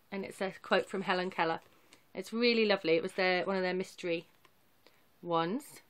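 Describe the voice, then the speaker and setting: A woman's voice: fairly low pitch, fairly even intonation, moderate pace, clean tone. Chatty, rambling woman vlogger. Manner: rambling, chatty, self-deprecating. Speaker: cross-stitch vlogger. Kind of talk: casual chatty show-and-tell.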